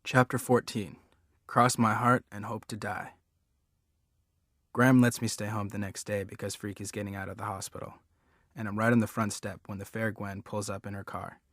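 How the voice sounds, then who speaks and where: A man's voice: on the low side, little pitch movement, moderate pace, a bit bright, dry recording, clean studio sound. A man reading a first-person story aloud as an audiobook, in an earnest, plain-spoken way. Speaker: audiobook reader.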